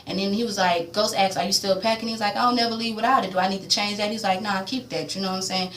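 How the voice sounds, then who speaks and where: A woman casually recapping a TV episode in slangy talk, acting out the characters' lines with loud reactions. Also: medium pitch, fast, roomy sound, a little hiss or hum. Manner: animated, slangy, acts out quotes. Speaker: TV recap vlogger.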